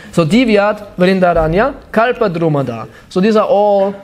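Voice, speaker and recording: A man with a German accent, a native German speaker, giving an animated devotional sermon and sometimes searching for words. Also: high voice, measured pace. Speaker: spiritual teacher.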